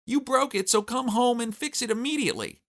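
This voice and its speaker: A bossy young wife, as a male narrator puts her on, shrill and shrieking. Her demands come out high and strained. She sounds like a figure from an animated story. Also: normal speed. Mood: shrill demanding.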